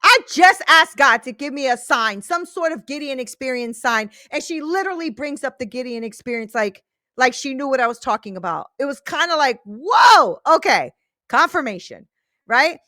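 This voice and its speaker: A woman in her thirties hosts a faith-centred podcast in a casual, heartfelt way. Her voice sits a little high, and she keeps checking in with the listener. The sound is dry and close, with no room around it. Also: lively intonation, a little fast, bright, forceful tone, no room sound. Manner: earnest, emphatic, often tag-asks "right?". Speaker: podcast host.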